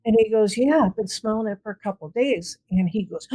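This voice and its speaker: A woman paranormal investigator, guesting in an interview, speaks fairly quickly in a mid-range voice. She relates stories casually and with animation, playing out the quoted dialogue herself. The recording is rough, with no echo.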